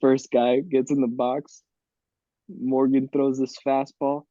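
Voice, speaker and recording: Mellow man in his thirties, animated storyteller. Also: mid-range voice, slow, no echo, dull audio. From Miami. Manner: lively, laughing anecdotes with quoted voices. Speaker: guest, former college baseball player. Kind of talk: casual storytelling on a podcast.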